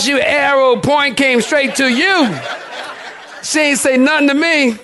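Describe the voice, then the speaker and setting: A man's voice: very high voice, animated, takes it slowly, noisy background. A man in his fifties, a pastor telling a funny story in a sermon, folksy and laughing often.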